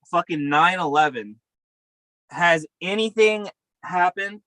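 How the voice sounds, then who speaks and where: A man's voice: high voice, bright, forceful tone, no room sound, rough recording. A man co-hosting a podcast over a video call from his camper, talking in a profane, upbeat, rambling way. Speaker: podcast co-host. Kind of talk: casual chat. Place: camper by a river outdoors.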